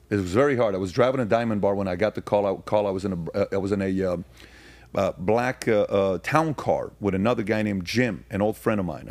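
Low-voiced man, emphatic podcast guest. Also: a little mellow, dry recording. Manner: grows emphatic and rhetorical, firing questions; frequent fillers and restarts. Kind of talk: casual conversation, storytelling.

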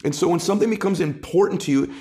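A man's voice: high voice, rapid-fire, warm tone. A man as a podcast guest and author, telling motivational stories emphatically and building to passionate peaks. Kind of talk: motivational storytelling.

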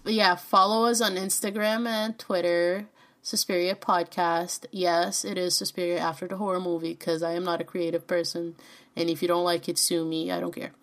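A young woman from Brazil, co-hosting a podcast in a lively, blunt, chatty way. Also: on the low side, moderate pace. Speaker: podcast co-host. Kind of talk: casual chat.

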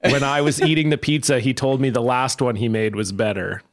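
A man at middle pitch tells an anecdote in casual chat. His manner is wry and a bit exasperated, steady and conversational. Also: brisk.

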